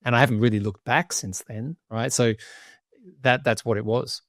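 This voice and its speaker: A man's voice: medium pitch, steady tone, moderate pace, fairly bright tone, no room sound, studio quality. A man guesting on a podcast, telling a personal story candidly with frequent restarts. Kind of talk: casual interview chat.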